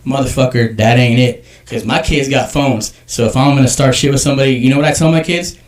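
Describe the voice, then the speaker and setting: A man telling stories as a photographer guest on a casual podcast, talking in a profane, animated way. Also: mid-range voice, fast, recorded from a distance.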